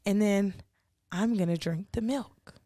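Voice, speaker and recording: A woman's voice: medium pitch, unhurried, dark tone, no echo, studio quality. A woman co-hosting a podcast in casual chat, joking and explicit. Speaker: podcast co-host.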